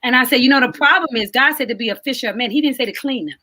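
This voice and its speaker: A woman's voice: sits high, racing, bright, forceful tone. A woman talking in a preaching, sermon-like cadence during a casual podcast chat, emphatic and informal.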